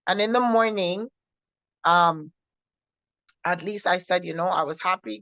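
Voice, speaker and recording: Low-voiced woman giving earnest testimony. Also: pushed and bright, no echo. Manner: earnest, halting, with many repetitions and restarts. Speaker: guest sharing a personal testimony. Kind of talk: personal testimony storytelling. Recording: dull lo-fi recording.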